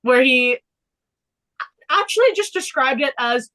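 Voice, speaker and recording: A young woman with an English accent, co-hosting a casual podcast chat, talking quickly and laughing often. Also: high-pitched, expressive, sharp tone. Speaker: podcast co-host.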